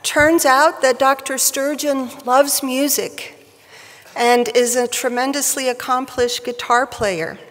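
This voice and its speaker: A woman giving a prepared tribute speech at a professional society event, with a wry, measured delivery, at a podium microphone in a large hall. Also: sits high, fairly even intonation, fairly bright tone. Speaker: speaker at a surgical society event. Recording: reverberant hall.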